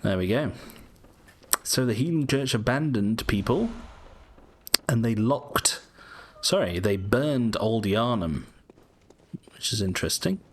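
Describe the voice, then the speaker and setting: A man's voice: mid-range voice, lively intonation, slow, pauses often, slight background noise. A British man giving casual, rambling commentary over a video game, often correcting himself. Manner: chatty, rambling, self-correcting. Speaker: gaming YouTuber.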